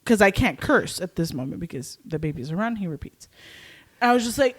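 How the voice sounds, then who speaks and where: A woman's voice: on the high side, fairly quick. Young woman on a podcast, chatty storytelling, voice jumps way up when she acts out screaming. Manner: animated, acts out panicked shouts. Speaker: podcast co-host. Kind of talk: casual storytelling chat.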